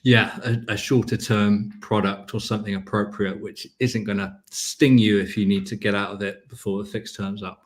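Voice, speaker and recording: Measured, low-voiced man. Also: flat delivery. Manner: measured, advisory. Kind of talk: casual chat.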